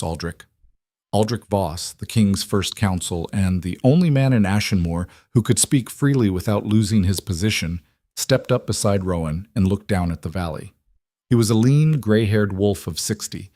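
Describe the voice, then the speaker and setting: Male audiobook narrator, low and steady, dry close mic. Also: no echo. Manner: steady, measured storytelling. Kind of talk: scripted narration.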